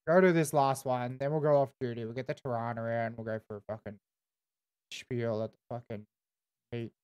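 A man's voice: mid-range voice, fairly even intonation, fairly quick, a little mellow, clean tone. Laid-back Australian man swearing constantly. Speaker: roleplay streamer. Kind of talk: casual in-character game roleplay.

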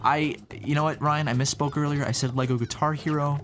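A man co-hosting a casual gaming chat, laughing often with a high childlike giggle. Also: fairly even intonation, fairly quick, noisy background. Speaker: co-host.

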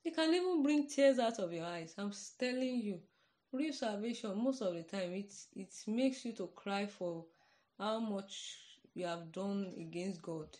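Woman, Nigerian accent, podcast preacher, earnest conversational sermon, mid-pitched voice. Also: measured pace, a little mellow. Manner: earnest, repeats "you understand?".

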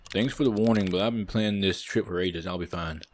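A polite young man answers in a low, rather flat voice, as a man reads his lines. The delivery is dutiful and even. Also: quick pace, slight background noise, close to an everyday voice.

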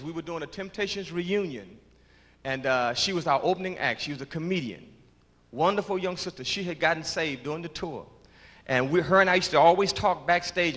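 A man giving his church testimony, halting and repeating words, then rising into shouts of praise. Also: on the high side. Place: large church before a congregation. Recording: reverberant church hall with congregation.

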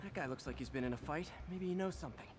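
An actor playing a young masked superhero who talks in dry, level-headed quips, from a video game. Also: male voice, fairly high pitch, very fast, natural voice. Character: young male masked superhero, wry and steady. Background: game music.

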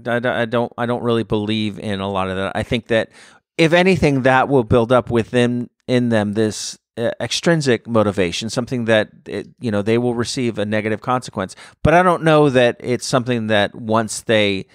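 A man's voice: medium pitch, moderate pace, clean tone. A man in his thirties chats on a podcast in an easygoing, rambling way, laughing often at his co-host. His voice sits in an ordinary middle register. The sound is close and dry, with no room echo. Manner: laughs easily, rambling and reflective. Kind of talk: casual chat.

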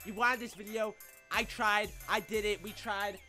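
A man hosting an excitable gameplay commentary, loud and frustrated, often yelling. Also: sits high, moderate pace, soft background music. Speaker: gameplay video host.

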